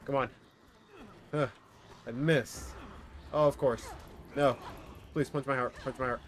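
Young male streamer, mid-pitched voice, frantic and exasperated, live play-by-play into a desk mic. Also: steady tone, unhurried, slight background noise. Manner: exasperated, reactive, talks to chat and partner. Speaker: game streamer. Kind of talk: live gameplay commentary.

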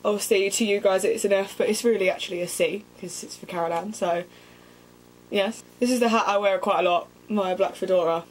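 A woman's voice: mid-range voice, fairly even intonation, a little fast, a little hiss or hum, low-quality recording. Cheeky young woman vlogging. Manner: cheeky, self-mocking, sweary. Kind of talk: casual comedic vlog.

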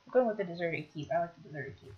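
A woman commentating her own gameplay, chatty, bursting into excited shouts when things go wrong. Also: lowish voice, racing, dull audio, a little hiss or hum. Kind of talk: Minecraft let's play commentary.

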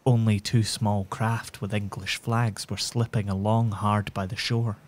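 Slow, soothing male bedtime storyteller. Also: on the low side, flat delivery. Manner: soothing, measured. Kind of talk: calm bedtime story narration.

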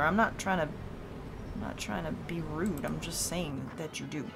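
A woman with a mid-range voice chats animatedly at a moderate pace while streaming a game, reading characters' dialogue aloud, swearing liberally and laughing frequently. Soft music plays in the background.

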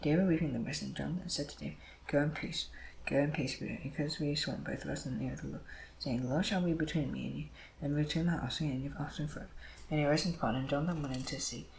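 A man reading scripture aloud, moving quickly and often stumbling over words and starting lines again. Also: fairly high pitch, steady tone, vocal fry, darkish tone, a little hiss or hum, poor audio. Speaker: Bible reader.

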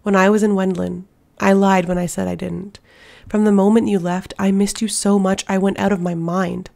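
A woman's voice: medium pitch, little pitch movement, normal speed, creaky, darkish tone, close to an everyday voice. A woman doing an anguished protective warrior man. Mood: tender intense.

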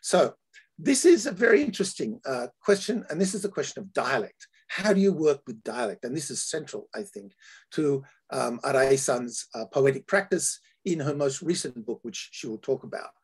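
Gravelly Australian man giving a lecture. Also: mid-range voice, sing-song. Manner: halting, many fillers and restarts. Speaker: academic lecturer. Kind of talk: academic lecture.

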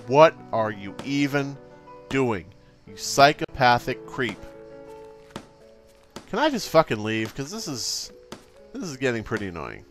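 A man doing let's play commentary, exasperated, swearing a lot and reading the game's options out loud. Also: medium pitch, big pitch swings, slow, pauses often, faint music behind. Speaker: gaming YouTuber.

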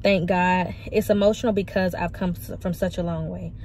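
A woman's voice: fairly low pitch, fairly even intonation, normal speed, darkish tone, a little hiss or hum. Frank, emotional woman in her twenties. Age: 20s. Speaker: vlogger. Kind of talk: candid personal vlog. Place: parked car.

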